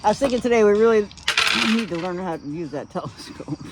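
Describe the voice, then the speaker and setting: A woman's voice: mid-range voice, lively intonation, fast. A woman in her sixties in casual chat, rambling, swearing freely and giggling often. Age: 60s. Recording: noisy outdoor recording.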